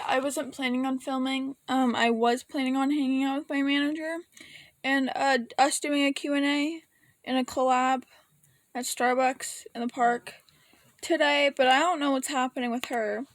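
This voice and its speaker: A woman's voice: sits high, no echo. A woman vlogger rambling through an emotional, casual rant, swearing now and then and sometimes close to tears. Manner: rambling, emotional, breaks into laughs and near tears; curses casually.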